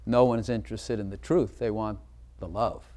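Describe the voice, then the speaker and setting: A man's voice: on the low side, fairly even intonation, normal speed, mellow. A man preaching a sermon in a church, emphatic and asking the congregation direct questions. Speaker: pastor.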